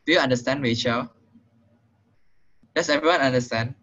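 A young man with a Singaporean English accent teaches programming over an online call. He talks casually, with frequent fillers and "right?" check-ins, in a bright, forceful voice. The audio is muffled and lo-fi, like a computer microphone. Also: mid-range voice, normal speed. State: slightly out of breath. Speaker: programming tutor. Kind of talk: online tutorial lesson.

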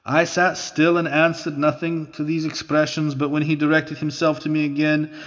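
A man's voice: fairly high pitch, flat delivery, fairly bright tone. Man reading an old account, reverberant. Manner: measured, formal old-fashioned reading. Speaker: reader. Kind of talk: reading aloud a historical account. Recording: dull lo-fi audio with long reverb.

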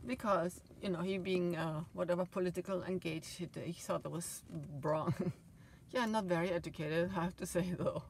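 A middle-aged woman telling a rambling personal story in a vlog, swinging between loud outbursts and quiet asides. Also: fairly low pitch, fairly even intonation, normal speed, creaky, slight background noise. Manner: emotional, swings loud and soft, laughs often. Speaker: vlogger.

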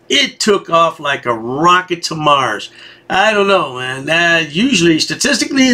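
A man's voice: fairly high pitch, sharp tone. Sarcastic man hosting commentary. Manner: sarcastic, folksy, rambling. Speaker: commentary channel host. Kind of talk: mocking video commentary.

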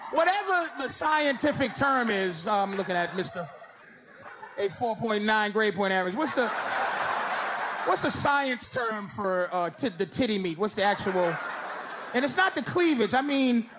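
A middle-aged man doing stand-up comedy and teasing people in the crowd, with loose, drawn-out delivery. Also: very high voice, animated. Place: comedy club stage with a laughing audience. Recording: live stage recording with crowd and noise. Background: audience laughter.

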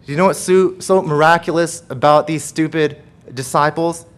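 Higher-voiced man preaching a sermon. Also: steady tone, normal speed. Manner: emphatic preaching, rising loud then dropping to hushed prayer; repeats phrases and asks rhetorical questions. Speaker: pastor.

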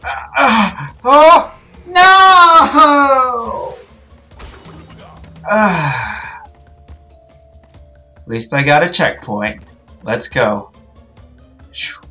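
A young woman playing a video game and commenting, cursing and yelling at the screen in frustration. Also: deep voice, sing-song, drawn-out words, long pauses, soft background music. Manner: frustrated, swears a lot, yells at the game. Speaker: gaming channel host. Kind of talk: let's play commentary.

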